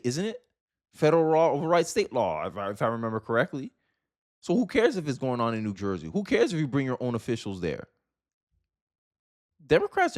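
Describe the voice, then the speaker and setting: A man from Florida hosting a political commentary video, ranting heatedly and emphatically in casual slang. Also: on the high side.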